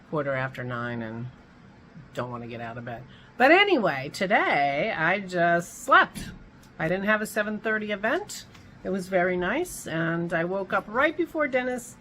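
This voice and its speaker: A woman's voice: on the low side, vocal fry, bright, forceful tone, slight background noise, poor audio. A woman hosting a casual home vlog, chatting in a rambling way and breaking off mid-thought, with hiccups. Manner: rambling, chatty, self-interrupting. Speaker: vlog host.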